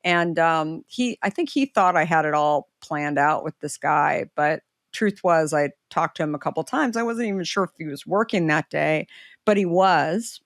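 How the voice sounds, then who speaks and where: In a casual conversation, a middle-aged woman who is a guest entrepreneur tells a story at a moderate pace, and the sound is clean studio audio with no room ambience. She animatedly mimics the people she quotes, her pitch leaping.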